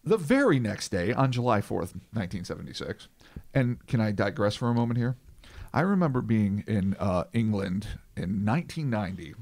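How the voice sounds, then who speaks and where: A podcast host in his forties, an American man, reads through his research notes with a lively, wide-ranging voice. He keeps breaking off into profane, rambling asides before he returns to the page. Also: on the low side, normal speed. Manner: profane, digressive asides between read passages. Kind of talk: casual podcast chat, reading notes.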